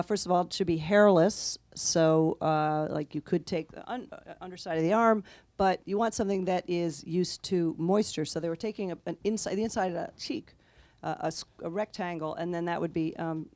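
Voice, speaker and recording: A woman author telling anecdotes in an interview, in a lively way and quoting the people she met. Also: on the low side, no room sound. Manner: animated anecdotal, quotes others with laughs. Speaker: author guest. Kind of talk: conversational interview storytelling.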